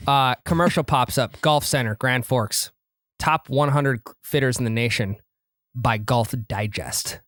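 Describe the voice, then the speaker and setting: A man co-hosting a casual golf podcast, animated and swearing freely as he tells stories. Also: mid-range voice, a little slow, no echo, studio quality. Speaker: podcast co-host.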